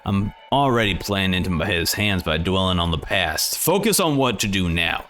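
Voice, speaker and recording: A man voicing a gruff, calculating older male fighter in a low, grim, measured way. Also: sing-song, fairly bright tone.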